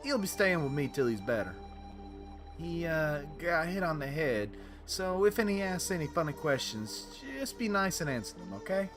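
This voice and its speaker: A man's voice: low voice, moderate pace, few pauses, music in the background, voice pushed down, close to an everyday voice. A man voicing a plain-spoken rustic village woman with a folksy hick drawl, fussing over an injured stranger.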